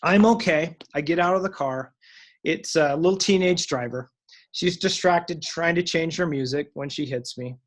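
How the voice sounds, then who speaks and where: A man's voice: a little high, moderate pace. A man who owns a salon, telling upbeat motivational stories in a casual call. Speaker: salon owner and guest speaker. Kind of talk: casual storytelling on a recorded call.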